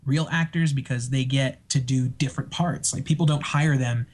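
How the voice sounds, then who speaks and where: A man telling stories in a casual podcast chat, excitable and laughing often as he acts out what people said. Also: medium pitch, normal speed. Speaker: podcast guest.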